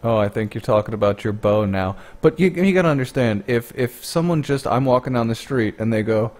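A man's voice: medium pitch, lively intonation, fast, few pauses, a little mellow. Sarcastic man mocking a clip. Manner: sarcastic, blunt, profane. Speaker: commentator. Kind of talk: sarcastic commentary.

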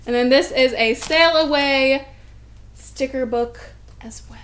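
A woman in her twenties opening fan mail for her vlog, gushing and chatty with excited asides. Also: high-pitched, takes it slowly, a little hiss or hum. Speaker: vlogger.

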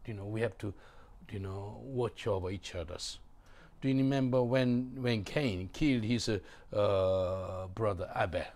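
A man's voice: fairly low pitch, a little slow, a little mellow. A man preaching a sermon in non-native English with broken grammar. He is emphatic, repeats his phrases and asks the congregation to answer back.

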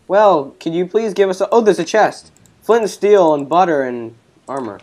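Excitable young man narrating gameplay. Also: high-pitched, moderate pace, highs cut off. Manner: excitable, yelps and laughs at the game. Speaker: gaming channel host. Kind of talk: casual let's-play commentary.

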